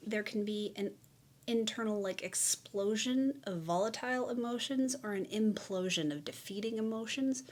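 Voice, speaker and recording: A woman giving a candid, reflective personal explainer to the camera, earnest and open. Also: fairly high pitch. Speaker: mental health vlogger.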